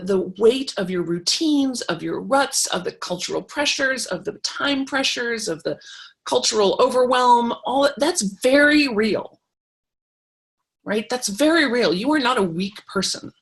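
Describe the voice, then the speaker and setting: A middle-aged woman teaching a creativity workshop, talking in an encouraging, chatty way with fillers and restarts. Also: medium pitch. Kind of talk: live online workshop talk.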